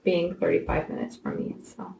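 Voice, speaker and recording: A woman's voice: on the low side, huge pitch swings, normal speed, creaky, a crowd in the background. A woman guest on a casual podcast chat, talking with enthusiasm and laughs. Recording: roomy echo.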